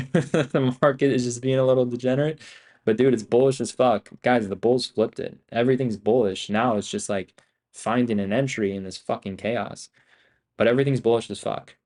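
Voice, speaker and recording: A man's voice: medium pitch, a little mellow. A young man giving live trading commentary, talking in restless, profane, slangy bursts as he thinks aloud. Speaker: day-trading streamer.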